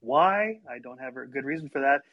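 An older man with a husky voice, telling stories from his childhood in a casual chat and acting out his family members in livelier voices. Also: a little fast, narrow, tinny audio. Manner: animated, acts out family members in higher voices. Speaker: storyteller guest.

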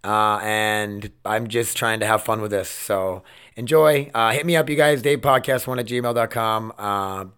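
A man's voice: fairly low pitch, a little slow, fairly bright tone, clear, resonant tone. A man in his thirties hosting a casual podcast from home, talking loosely and rambling, with some swearing. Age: 30s. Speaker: podcast host. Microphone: desk mic.

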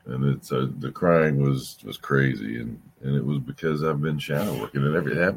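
A middle-aged man hosting a rambling late-night podcast, weary and halting, often losing his thread and sounding emotional. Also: extremely low pitch, creaky, slight background noise. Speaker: podcast host.

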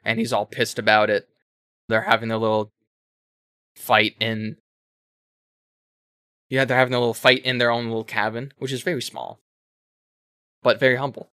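Brief: man, casual co-host, bright forceful voice, rambling excited retelling, dry sound. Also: mid-range voice, moderate pace, long pauses, clear, resonant tone, no room sound. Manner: rambling, animated retelling with self-corrections and swearing. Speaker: podcast co-host explaining a game. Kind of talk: casual chat.

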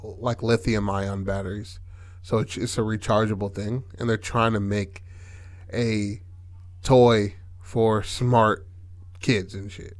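A man's voice: fairly low pitch, flat delivery, takes it slowly. A man hosting a podcast in casual chat, laid-back and profane, often checking in with "right?". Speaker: podcast host.

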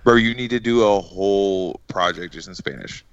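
A man's voice: low voice, moderate pace, clean tone, no echo, dull audio. A young man co-hosting a casual podcast chat, chiming in with short hype replies. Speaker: podcast co-host.

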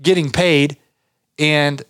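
A man's voice: a little high, fairly even intonation, takes it slowly, a bit bright, smooth, no room sound, clean studio sound. A middle-aged man, hosting a podcast and giving casual business advice in a rambling, chatty way with many restarts. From Georgia, US. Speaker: podcast host.

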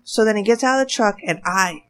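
Animated woman telling a wild story. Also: medium pitch, fairly quick. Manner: animated, breathless, laughing through the story. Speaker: storyteller, former bartender. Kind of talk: casual storytelling chat.

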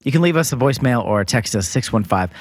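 A man's voice: mid-range voice, lively intonation, fast talker, slightly rough, no room sound, clean studio sound. A man co-hosting a podcast in casual chat, joking and teasing with frequent laughter. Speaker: podcast co-host.

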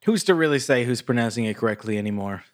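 A man co-hosting a podcast, recapping a TV episode in relaxed storytelling with many fillers. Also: medium pitch, fast. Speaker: podcast co-host.

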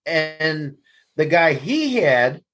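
A man's voice: on the high side, sing-song, very slow, fairly bright tone, poor audio. A man, a guest telling blunt, profane stories in an interview. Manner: blunt, profane, laughs through anecdotes. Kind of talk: candid storytelling interview.

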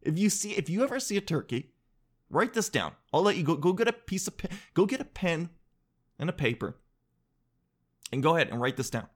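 Joking male host with a slightly high voice who rambles, breaks off mid-sentence and swears casually. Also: very animated, brisk, pauses often. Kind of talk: casual comedic storytelling monologue.

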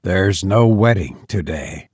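A man's voice: deep voice, expressive, takes it slowly, darkish tone, slightly rough, no room sound, clean studio sound, voice pushed down, exaggerated voice. A man reading a story voices a grieving man who tells sad news in a subdued, plain way. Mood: grave.

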